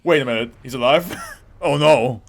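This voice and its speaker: Gravelly man reacting loudly to anime. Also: mid-range voice, moderate pace. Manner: loud, laughing, profane, reacts out loud. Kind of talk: casual reaction commentary.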